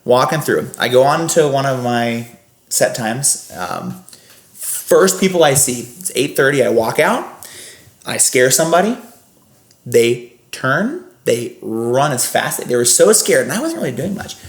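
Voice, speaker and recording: A young man, a podcast guest, telling stories in a casual, animated, rambling way with lots of fillers. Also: medium pitch, measured pace. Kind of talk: casual storytelling. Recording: roomy echo.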